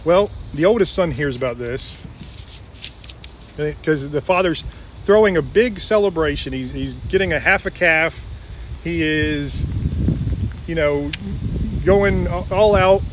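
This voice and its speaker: A man's voice: on the high side, slow, pauses often, a little hiss or hum. A man giving an informal Bible talk, retelling a parable in a conversational way with restarts and fillers. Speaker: Bible teacher.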